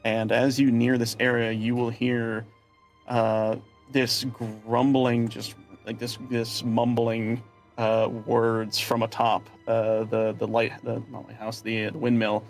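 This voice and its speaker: A man's voice: mid-range voice, monotone, slow, faint music behind. A young man running a tabletop game as game master, narrating casually with fillers and restarts.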